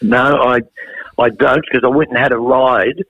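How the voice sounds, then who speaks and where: A man co-hosting an interview, asking questions and telling a story in an animated way. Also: mid-range voice, normal speed, vocal fry, no echo, lo-fi sound.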